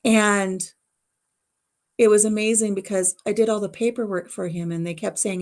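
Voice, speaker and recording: A middle-aged woman tells her livestream viewers a personal family story from home, speaking at normal speed in a mid-range, darkish voice with fairly even intonation. She rambles emotionally in a casual storytelling chat.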